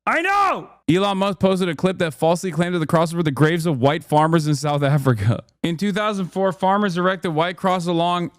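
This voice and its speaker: A man's voice: a little high, fairly even intonation, a little fast, few pauses, smooth, no echo, clean studio sound. A man hosting a stream, giving sarcastic, profane political commentary while reading and ranting. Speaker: streamer host.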